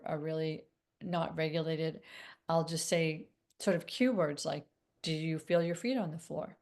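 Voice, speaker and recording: A woman with a notably low-pitched voice coaches viewers on self-regulation. She talks in a soft, wandering way, full of fillers and small restarts. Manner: gentle, meandering, many fillers. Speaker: relationship coach. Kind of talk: casual teaching monologue.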